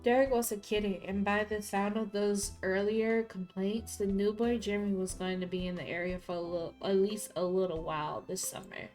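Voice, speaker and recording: A woman streamer reads a story game aloud in a mid-range voice. She keeps breaking off into loud, profane, excitable reactions. Faint game music plays softly under her voice. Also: mid-range voice, normal speed, hardly any pauses. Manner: loud, profane, excitable outbursts between plain reading. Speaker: gaming streamer.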